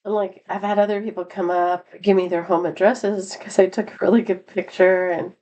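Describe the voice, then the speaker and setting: A woman's voice: medium pitch, level tone, moderate pace, darkish tone, muffled recording. A middle-aged woman telling a rambling personal story in a casual vlog, laughing often and lifting her voice for quoted lines. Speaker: vlogger.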